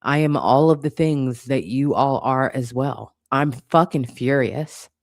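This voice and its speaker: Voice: mid-range voice, a little slow, no room sound, clean studio sound. A channel host giving an impassioned commentary monologue, blunt and profane, hammering points home with repetition.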